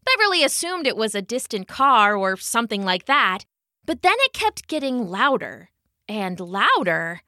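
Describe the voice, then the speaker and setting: A woman narrating a children's story in an expressive, unhurried reading. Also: mid-range voice, no echo, clean studio sound.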